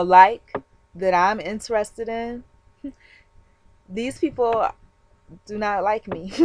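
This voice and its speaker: A woman's voice: medium pitch, dry recording. Chatty woman vlogging, dry sound. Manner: animated, chatty, frequent laughs and fillers. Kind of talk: casual storytelling monologue.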